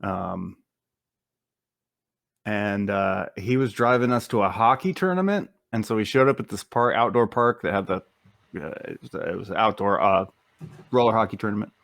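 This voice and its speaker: A man co-hosting a podcast, telling a story in a relaxed, hesitant way with frequent "uh"s. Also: on the low side, normal speed, gravelly, no room sound. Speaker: podcast co-host. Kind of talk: casual chat, telling an anecdote.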